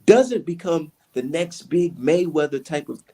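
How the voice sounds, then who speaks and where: A man's voice: a little high, lively intonation, measured pace, mellow. A man co-hosting a casual boxing chat, talking in a heated, profane, rambling way. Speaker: podcast co-host.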